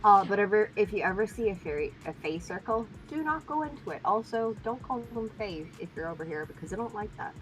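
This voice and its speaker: A woman from Ireland chats casually on a live stream, dry and matter-of-fact as she teases. Her pitch sits in the middle. Faint music runs under her voice. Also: sing-song, a little fast, hardly any pauses, low-quality recording.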